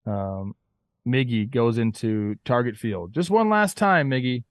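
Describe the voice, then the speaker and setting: Brief: man, mid-pitch, easygoing rambling podcast co-host, dry close sound. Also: lively intonation, a little slow, no echo. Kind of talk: casual sports chat.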